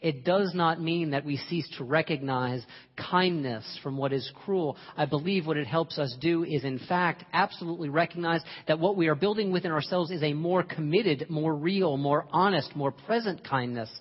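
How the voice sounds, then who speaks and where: A man's voice: on the high side, normal speed, husky. A man giving a sermon who tells a parable and acts out the voices in it. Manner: storytelling, acting out voices in a parable. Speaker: minister. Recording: lo-fi recording with long hall reverb.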